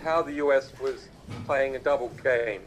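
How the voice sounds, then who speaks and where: A man giving a remote public talk over a video link, halting and full of fillers and restarts as he speaks. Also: mid-range voice, a little hiss or hum, rough recording. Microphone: video call played through a laptop speaker.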